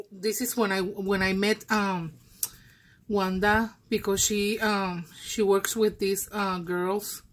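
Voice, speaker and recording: Slow, gushing woman unboxing gifts. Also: medium pitch. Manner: gushing, exclaiming, hesitant with fillers. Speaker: crafting vlogger. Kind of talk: unboxing a gift swap.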